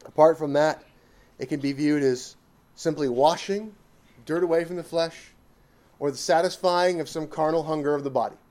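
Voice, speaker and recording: Man with a fairly high voice, Bible teacher, emphatic, drives points home with repetition. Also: moderate pace, darkish tone. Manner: emphatic, with rhetorical questions and repetition. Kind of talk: catechism teaching.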